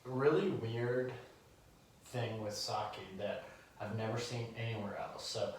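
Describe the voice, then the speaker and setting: A man co-hosting a podcast, telling stories in a deadpan way with crude humor. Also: mid-range voice, slow, slight background noise. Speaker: podcast co-host. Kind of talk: casual chat. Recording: echoey room, mic at a distance.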